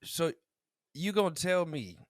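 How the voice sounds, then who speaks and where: Guy cohosting a podcast, lively voice jumping all over, dry close mic, chatty and animated. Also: a little high, measured pace, no echo. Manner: animated storytelling, acts out quotes, laughs often. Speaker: podcast co-host. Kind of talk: casual chat.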